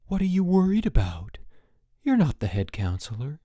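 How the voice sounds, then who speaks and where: A man voicing a young, wry acting camp director who makes deadpan announcements. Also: a little high, normal speed, in a large hall, pitched above the performer's own voice.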